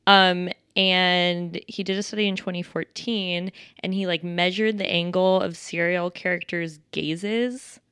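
A woman co-hosting a podcast in casual chat, dry and deadpan in her comments. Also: fairly low pitch, a little slow, few pauses, clear, resonant tone, no room sound. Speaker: podcast co-host.

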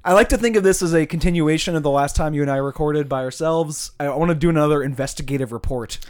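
Guy co-hosting a podcast, fairly high voice, rambly and chatty, laughs a lot. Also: fast. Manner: laughing often, chatty, lots of fillers like "like" and "um". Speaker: podcast co-host. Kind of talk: casual chat.

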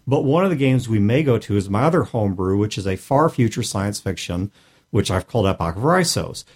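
A man's voice: fairly low pitch, lively intonation, fairly quick, darkish tone, slightly rough. A man co-hosting a casual podcast about tabletop role-playing, talking in a wry, joking way and acting out quoted players. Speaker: podcast co-host. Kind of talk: casual roundtable chat about tabletop gaming.

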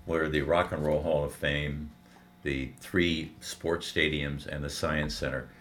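A man's voice: rumbling low, unhurried, a little hiss or hum. An older man, a veteran radio broadcaster, telling stories as a guest in a casual interview, with frequent restarts. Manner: animated storyteller with frequent restarts.

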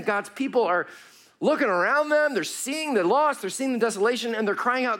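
A man preaching a sermon to his congregation, moving between raised pleading and hushed, low passages, calling his listeners friends. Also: animated, fairly quick. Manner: addresses congregation warmly as friends, uses y'all. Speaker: pastor.

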